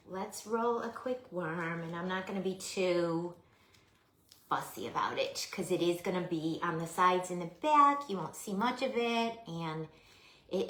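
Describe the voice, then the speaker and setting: A woman in her sixties with a girlish, high voice, chatting casually and often softly on a craft livestream. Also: echoey room. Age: 60s. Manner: slow, chatty, often drops to a soft murmur.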